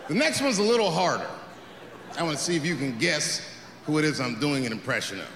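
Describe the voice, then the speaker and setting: A man doing a stand-up comedy set on a theater stage, with a loud, lively delivery and shouted punchlines. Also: a little high, a little fast. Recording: roomy hall with loud crowd noise. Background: audience laughter and crowd noise.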